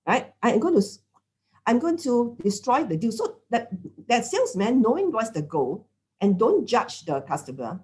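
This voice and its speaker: A middle-aged woman with a Singaporean English accent gives a chatty dharma talk, full of "lah" and "okay?" and little acted-out quotes. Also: medium pitch. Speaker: lay Dhamma teacher.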